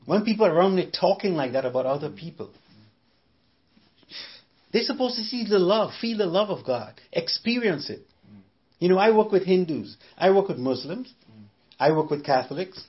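High-voiced man preaching emphatically. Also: lively intonation, moderate pace, lo-fi sound. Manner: emphatic, repeats phrases, rhetorical questions. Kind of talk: sermon.

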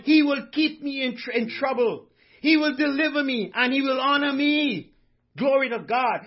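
Man, pastor, very high voice, fervent sermon, dull lo-fi sound. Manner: fervent, repeats lines with conviction.

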